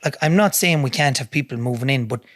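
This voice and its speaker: A man's voice: medium pitch, fast, a bit bright, no echo. An Irish man, a podcast guest, telling a story in a blunt, heavy-swearing way in a studio. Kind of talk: casual storytelling.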